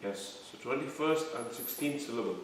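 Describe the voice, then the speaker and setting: Recorded from a distant mic in an echoey room, a scripture class teacher works through a devotional lecture term by term, stopping to quiz his audience. He speaks at a moderate pace in a mid-range voice, with background noise present.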